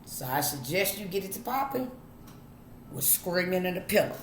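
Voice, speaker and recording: A woman's voice: lowish voice, sing-song, normal speed, reverberant, slight background noise. A middle-aged woman, giving her viewers blunt, preachy advice in a casual monologue, talking right to them and cursing freely. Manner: preachy and blunt, talks to the audience, drawls, swears. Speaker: vlogger.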